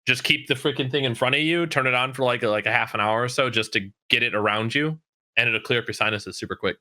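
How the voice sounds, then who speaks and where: A man co-hosting a casual anime podcast, his voice bright and sharp at a middle pitch. He talks in a relaxed, rambling way and swears casually. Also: fast. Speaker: podcast co-host.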